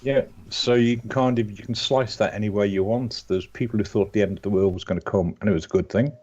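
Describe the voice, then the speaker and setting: A man in his fifties with a Liverpool accent chats as a guest, his voice sitting a touch low. He rambles and restarts his sentences as he goes. The sound is dull and lo-fi, like call audio. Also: fast, darkish tone. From Liverpool, England. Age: 50s. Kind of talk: casual live-stream chat.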